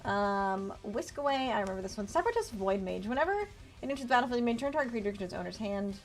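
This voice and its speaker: Fast and expressive, this young VTuber's medium-pitched voice runs over soft background music. She chats with her viewers in a laid-back stream and reads out card text as she puts together a deck.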